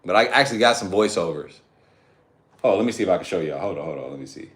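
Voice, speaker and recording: A man's voice: sits low, animated, fast, fairly bright tone. A man chatting loosely on a live stream, slangy, profane and rambling. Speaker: fitness streamer. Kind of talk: casual live-stream chat.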